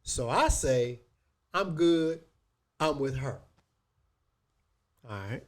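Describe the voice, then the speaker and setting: A man co-hosting a casual podcast. He tells stories in an animated, profane way. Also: a little high, drawn-out words. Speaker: podcast co-host. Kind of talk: casual chat, storytelling.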